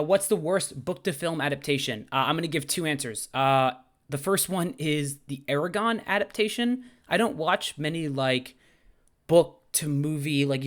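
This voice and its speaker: Young man, twenties, fairly high voice, English teacher, casual Q&A vlog, outspoken, animated, swears casually.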